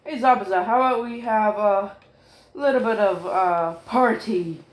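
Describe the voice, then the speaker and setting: A brash, cocky teenage ninja boy taunts his foes, voiced by a man retelling a fan story. The voice is loud and pushy with a slow drawl. The sound carries a roomy echo. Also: high-pitched.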